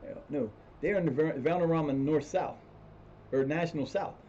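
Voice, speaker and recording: A man with a mellow, somewhat dark voice talks his way through a football management game on a live stream, circling back and restarting sentences as he thinks aloud. The audio is slightly dull and lo-fi, with a faint hiss underneath. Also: a little high, moderate pace. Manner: rambling, restarts sentences, swears when frustrated. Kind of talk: casual gameplay commentary.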